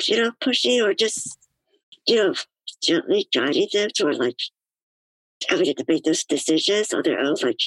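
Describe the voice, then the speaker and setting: A woman guest chats on a podcast in a thoughtful, musing way. Her pitch moves a lot as she works through ideas. The sound is close and dry. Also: expressive, normal speed, pauses often, breathy edge, no echo, low-quality recording. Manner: thoughtful, musing, with many "you know" fillers. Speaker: guest, disability activist. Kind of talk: casual podcast chat.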